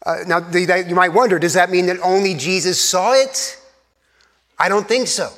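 A man, an Anglican pastor, preaching an earnest sermon in a church, sometimes dropping to hushed tones for emphasis. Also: high-pitched, moderate pace. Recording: long reverb of a church hall.

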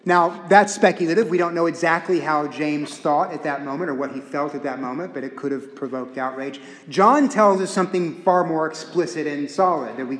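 A man preaching a sermon in an animated, folksy, humorous way, in a church sanctuary. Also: on the high side. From Texas. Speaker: pastor. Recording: echoey hall.

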